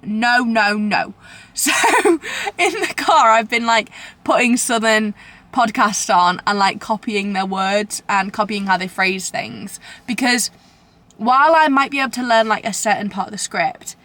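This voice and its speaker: Unhurried and fairly bright, her medium-pitched voice carries a relaxed vlog chat to camera. She's a young British vlogger who rambles and pokes fun at herself.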